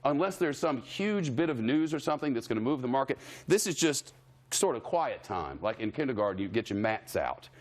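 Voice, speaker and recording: A man's voice: mid-range voice, very animated, brisk. A man anchoring live cable news, talking in a wry, conversational way with jokey asides. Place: television studio.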